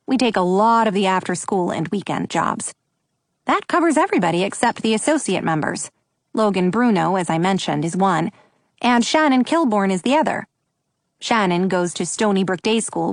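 A woman narrating a children's story in the first person with a friendly, expressive reading. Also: mid-range voice, no room sound, studio quality. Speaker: audiobook narrator.

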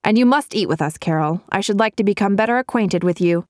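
A woman's voice: mid-range voice, fast, no room sound, studio quality, natural voice. Woman reading a genial lawyer father. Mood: pleased. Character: genial middle-aged male lawyer.

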